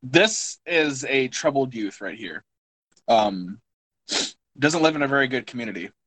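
A man's voice: medium pitch, lively intonation, measured pace, fairly bright tone, low-quality recording. A man co-hosting a casual podcast, rambling and self-mocking as he rates things. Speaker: podcast co-host. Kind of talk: casual chat.

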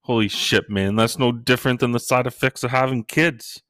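This dry recording features a middle-aged stand-up comedian from Canada speaking at normal speed in a steady tone. His casual comic storytelling is crude and joking, built around his kids and everyday mishaps, with quoted lines performed in a high shout.

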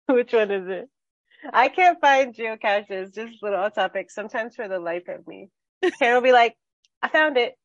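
A woman co-hosting a talk podcast, chatting in a giggly, lively way as she retells everyday moments. Her voice sits at an ordinary pitch. The sound is a little muffled and dry, with no room echo. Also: normal speed. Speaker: podcast co-host. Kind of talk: casual chat.

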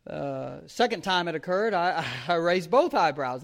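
A man preaching a sermon in a chatty storytelling way, slowing down to repeat key phrases and chuckling often. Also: on the high side, expressive, vocal fry. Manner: conversational storytelling with fillers.

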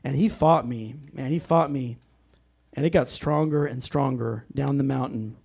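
A man's voice: mid-range voice, moderate pace, gravelly, a little mellow, breathy edge. A man preaching a sermon, telling a personal story in an earnest way and breaking into frequent amens. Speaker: pastor.

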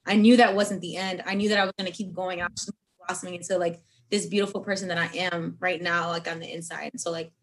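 A woman's voice: on the low side, little pitch movement, fast talker, hardly any pauses. A young woman guest on a podcast, talking openly and earnestly in casual chat. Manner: earnest and open, encouraging.

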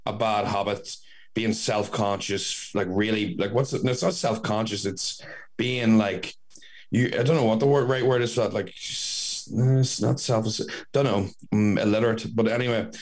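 A man's voice: fairly low pitch, moderate pace. A young man in casual chat, rambling and blunt, often correcting himself mid-sentence.

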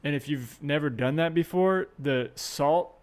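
A man's voice: on the high side, a little slow. A man in his late twenties from Florida, a comedian guest telling rambling, crude stories in a casual podcast chat. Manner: rambling storyteller, crude, swears freely.

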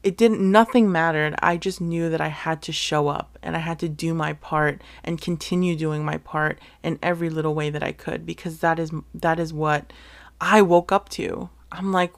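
A woman's voice: fairly low pitch, unhurried. A woman hosting a solo podcast, talking in an earnest, emotional way with casual swearing and frequent restarts. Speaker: podcast host.

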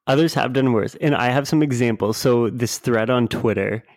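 A man's voice: mid-range voice, normal speed, no echo, studio quality. A man co-hosting a casual chat, reacting and reading posts aloud in an easygoing way. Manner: relaxed, reacts with short remarks and reads posts aloud.

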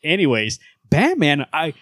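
Animated, sweary young man on a podcast. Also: a little high, measured pace, no room sound. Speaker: podcast host. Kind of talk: casual chat.

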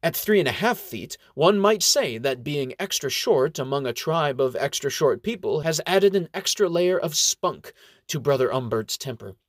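A man's voice: on the high side, lively intonation, moderate pace, no echo. Man narrating a story, dry and close.

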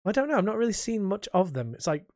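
A man's voice: sits high, sing-song, no echo. Rambling man on a dry podcast mic. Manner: rambling, halting, with frequent restarts and laughs. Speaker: podcast co-host. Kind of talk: casual chat.

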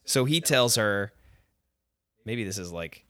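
A man's voice: lowish voice, expressive, takes it slowly, a bit bright, no room sound. A man co-hosting a podcast, recapping events in casual chat and laughing easily. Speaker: podcast co-host.

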